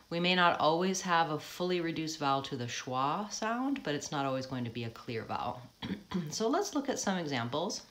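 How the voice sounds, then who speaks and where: An American woman who coaches accents, giving a live pronunciation lesson, explaining patiently and modeling words slowly with frequent ums. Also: extremely low pitch.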